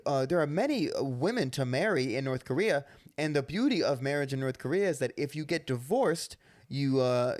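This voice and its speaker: A man's voice: medium pitch, a little mellow, no echo, studio quality. A young man co-hosting a casual comedy podcast, joking and rambling with lots of filler words. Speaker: podcast co-host.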